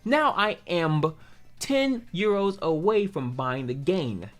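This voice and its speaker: A man reading aloud a scammer's begging message, putting on a slow, overly polite pleading voice. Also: sits high, lively intonation, fairly bright tone, faint music behind, full character voice. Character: pleading young male scammer begging for money.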